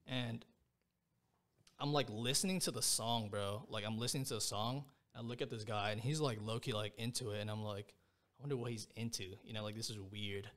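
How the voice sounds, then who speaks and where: A man's voice: lowish voice, steady tone, a little fast, fairly bright tone. A young man, a podcast guest, telling a personal story in a casual, rambling way, full of slang fillers. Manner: slangy, rambling, peppers speech with "bro" and "like".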